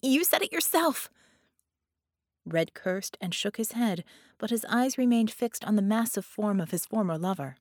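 A woman narrating an audiobook in measured, dramatic storytelling. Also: medium pitch, a little mellow, no echo, clean studio sound.

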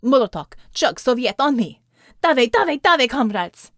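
A woman's voice: sits high, sing-song, unhurried, no room sound, clean studio sound. A woman voicing a stern female Russian commissar who barks clipped orders in a put-on Russian accent. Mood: commanding. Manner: commanding, clipped.

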